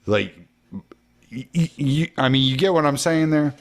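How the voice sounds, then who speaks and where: A man in a relaxed conversation who has been drinking, talking animatedly and swearing freely. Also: fairly high pitch, moderate pace. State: drinking during the chat. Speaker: podcast guest or host. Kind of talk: casual conversation.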